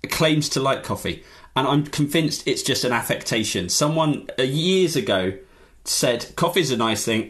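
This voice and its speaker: A man talking as a podcast guest, ranting in a casual chat. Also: medium pitch. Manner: animated, exasperated rants.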